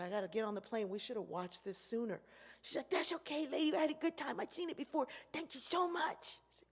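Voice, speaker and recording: A woman giving a keynote address, telling stories and acting out the voices of the people in them. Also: mid-range voice. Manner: animated, acts out voices in her stories. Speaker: keynote speaker. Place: large convention hall. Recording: echoey hall.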